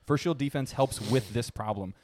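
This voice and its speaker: A man's voice: mid-range voice, normal speed, darkish tone, slight background noise. A man in his thirties co-hosting a casual podcast, telling stories and laughing through them, also reading a sponsor spot. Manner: laughs through stories, sings goofy bits. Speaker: podcast co-host. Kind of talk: casual chat.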